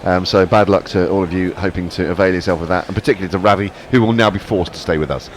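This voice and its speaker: A man's voice: sits low, steady tone, quick pace, a little hiss or hum. A man co-hosting a live cricket broadcast, reading listener messages with dry, sardonic jokes. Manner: dry, jokey, sardonic asides. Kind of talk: casual live commentary chat.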